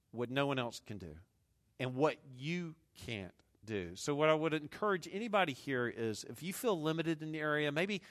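A man's voice: on the high side, a bit bright. A man from the American South with a Southern accent, preaching a sermon in a humorous, conversational way with asides to the congregation. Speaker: pastor.

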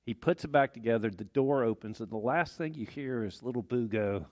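A man's voice: mid-range voice, brisk, darkish tone, no echo. A man preaching a sermon as pastor in a church, folksy and conversational with small jokes. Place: church sanctuary.

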